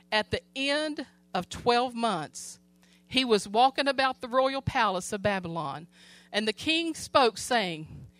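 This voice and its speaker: A woman's voice: fairly high pitch, a bit bright, no echo. A woman preaching a sermon, reading scripture and retelling it in plain everyday words to her church.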